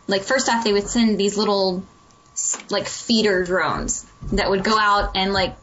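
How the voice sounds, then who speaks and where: A woman's voice: mid-range voice, fairly even intonation, measured pace, a bit bright, dull audio, slight background noise. A woman chatting casually on a podcast, enthusiastic and rambling, with lots of filler words. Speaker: podcast co-host. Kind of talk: casual chat.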